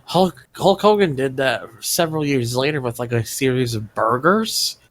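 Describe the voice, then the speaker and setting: A man's voice: medium pitch, animated, moderate pace, no room sound. A man in casual podcast chat, rambling along and restarting his sentences as he explains. His voice sits in a middle register. The sound is dry and close, with no room in it. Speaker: podcast co-host. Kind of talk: casual chat while watching wrestling.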